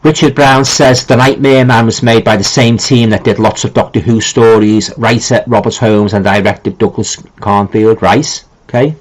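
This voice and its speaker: Easygoing and informal, a middle-aged man with a Liverpool accent hosts a live stream, casually reading out viewer comments and rambling with lots of ums, restarts and colloquial phrasing. He speaks at normal speed in a steady, lowish voice with few pauses, on a low-quality recording.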